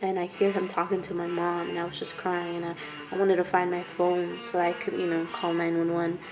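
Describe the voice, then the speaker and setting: A young woman tells her own story in a low, hushed voice that stays flat and halting. She is fighting back tears. Clear music plays behind her. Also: rough recording. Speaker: vlogger. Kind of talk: personal storytelling to camera.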